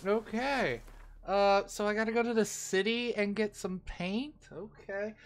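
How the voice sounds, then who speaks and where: A man's voice: high-pitched, steady tone, unhurried. A man hosting a let's play, giving casual, chatty commentary and talking to his viewers.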